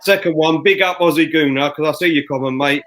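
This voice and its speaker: A fuming man who talks loud and hammers his points home as he co-hosts a fan show. His voice sits a little high for a man. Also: quick pace, a little hiss or hum, poor audio. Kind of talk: heated fan podcast rant. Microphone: headphones and studio mic.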